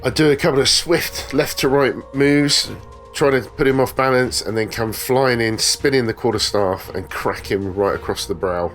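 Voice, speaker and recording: A man's voice: mid-range voice, normal speed, a bit bright, soft background music. A man playing a tabletop game, talking casually and wryly. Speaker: player.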